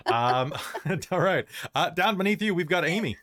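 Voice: mid-range voice, expressive, moderate pace, fairly bright tone. A game master from the States, introducing the cast in a loose, jokey chat. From United States.

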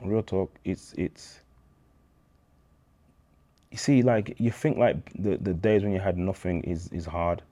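A man's voice: sits low, unhurried, pauses often, warm tone. A man, telling his faith story as an interview guest in a candid slang-filled way, acting out dialogue.

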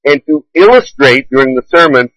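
A middle-aged man preaching a sermon as pastor, earnest and measured, leaning on slow emphatic words. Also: mid-range voice, lively intonation, a bit bright, no echo, poor audio.

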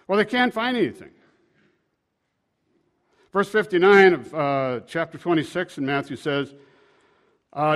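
A man preaching a sermon, retelling scripture in a folksy, conversational way with sharp swings from loud to quiet. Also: a little high, unhurried, long pauses.

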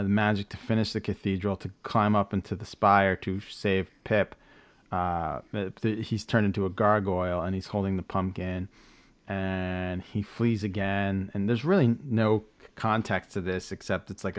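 A male podcast host with a somewhat low voice rambles through a casual recap. He stops and restarts a lot, fills gaps with ums, and slips in wry jokes. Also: clear, resonant tone. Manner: joking asides with laughs. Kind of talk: casual chat.

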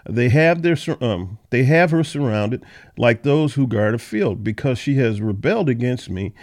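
A man's voice: medium pitch, expressive, moderate pace, a little mellow. A man hosting a Bible study podcast who reads verses aloud and then explains them in a plain, conversational way. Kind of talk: reading scripture and explaining it.

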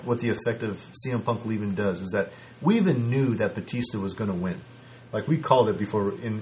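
A man co-hosting a casual podcast, talking in an animated way with lots of restarts and laughter. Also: on the low side, slight background noise. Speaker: podcast co-host. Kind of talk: casual wrestling podcast chat.

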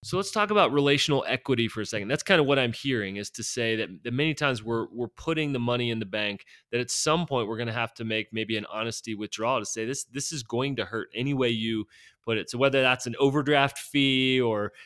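Man, podcast host, medium pitch, conversational, asks practical questions. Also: fast, a bit bright. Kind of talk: podcast interview.

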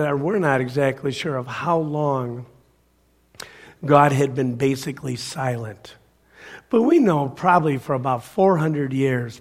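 A middle-aged man preaching a sermon as pastor, swinging from loud emphasis down to hushed, almost whispered lines. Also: a little high, breathy edge.

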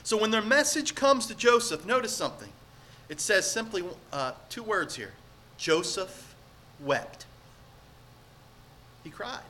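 A man's voice: sits high, animated, unhurried, pauses often, bright, forceful tone, slight background noise. A man preaching a sermon to a congregation, earnest and emphatic, asking the room rhetorical questions. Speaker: pastor.

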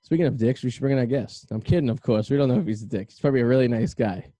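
A man's voice: medium pitch, rapid-fire, warm tone, no echo. A man hosting a casual chat show, rambling and crude in his banter. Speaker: podcast host.

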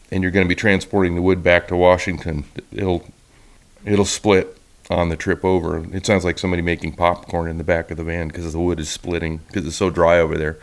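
A man who makes violins gives a relaxed, rambling talk over slides, with many restarts. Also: deep voice. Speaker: violin maker giving a talk.

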